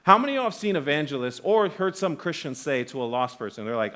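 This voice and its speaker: A man's voice: on the high side, fast, few pauses. A young adult man preaching a sermon in a church, conversational and full of restarts, acting out the voices in his stories. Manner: animated storytelling, acts out quoted voices. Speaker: guest pastor. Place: church sanctuary.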